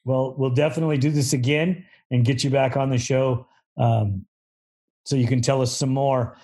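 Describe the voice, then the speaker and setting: A man's voice: mid-range voice, fairly even intonation, moderate pace, mellow. A man hosting a casual interview show, friendly and a bit stammering, laughing along with his guest. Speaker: podcast host.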